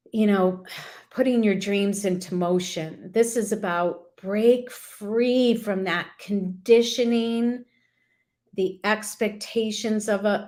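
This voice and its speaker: A woman doing a live angel card reading, speaking to her viewers in a soothing, affirming way. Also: mid-range voice. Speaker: intuitive card reader.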